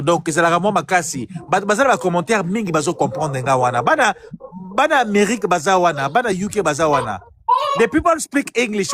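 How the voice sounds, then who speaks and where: A man's voice: high-pitched, fairly bright tone, slight background noise. Playful man hosting a live stream. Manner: playful, repeats words, mixes English and French. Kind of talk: casual live stream chat.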